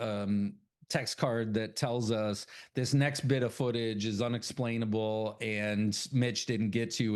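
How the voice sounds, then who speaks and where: A man's voice: on the low side, darkish tone. A man co-hosting a horror podcast, loosely retelling a film's plot with swearing and acted-out character lines. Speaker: podcast co-host. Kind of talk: casual movie recap chat.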